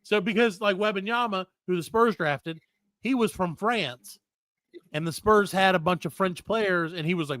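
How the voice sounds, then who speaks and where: A middle-aged man hosts a comedy podcast, ranting with plenty of swearing and telling exasperated stories in casual chat. His voice is high-pitched and a bit bright at a moderate pace, in a dry, studio-quality recording.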